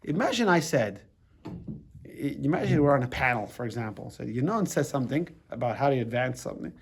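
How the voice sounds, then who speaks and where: A man's voice: medium pitch, lively intonation, a little fast, vocal fry, breathy edge. A middle-aged American rabbi teaching a casual class, talking loosely, restarting his sentences and checking in with the room. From United States. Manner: conversational, repeats words and restarts, asks the room "right?".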